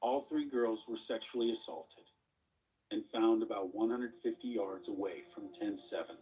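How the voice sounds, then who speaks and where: A man narrates a documentary from a script in an even, measured delivery. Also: lowish voice, far from the mic, poor audio.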